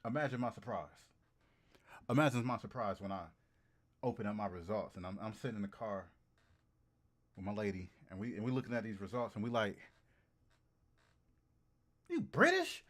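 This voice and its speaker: A man casually chatting to his livestream audience, animated and slangy, repeating phrases for emphasis. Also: fairly low pitch. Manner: slangy and profane. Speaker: streamer.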